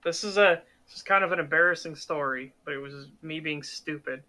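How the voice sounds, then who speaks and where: A bright, forceful voice chatting casually on a podcast, jumping into acted-out quotes as it tells a story. The tone stays middle-pitched and lively. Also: fairly quick. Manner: animated storyteller acting out quotes. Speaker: podcast co-host. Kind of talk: casual chat.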